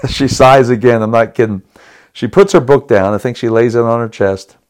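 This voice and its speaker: A middle-aged man hosting a podcast, telling a personal story in an animated, dramatic way with chuckles and restarts. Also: medium pitch, unhurried. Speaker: podcast host.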